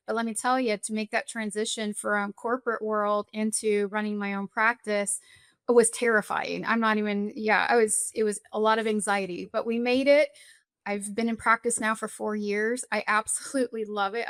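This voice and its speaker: A woman's voice: medium pitch, moderate pace, no echo. A middle-aged woman therapist and social worker in a podcast interview, telling stories expressively and laughing often. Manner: warm, expressive storyteller who laughs often.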